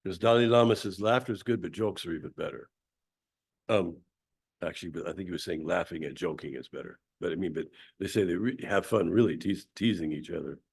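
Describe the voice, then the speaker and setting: A man gives a Sunday talk, leading the group through a laughter exercise and coaching them with instructions. His voice sits low, he speaks a little fast, and he clears his throat often.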